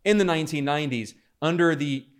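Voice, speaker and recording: Dude doing heated political commentary, kinda higher voice, trips over words a lot. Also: male voice, quick pace, clean tone. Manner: fervent, critical, frequent restarts. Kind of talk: casual commentary over clips.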